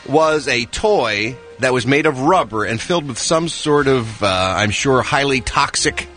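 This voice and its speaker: Man entertainment reporter, mid pitch, sarcastic wry delivery, faint music under. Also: lively intonation, unhurried, a bit bright. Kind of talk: radio entertainment segment.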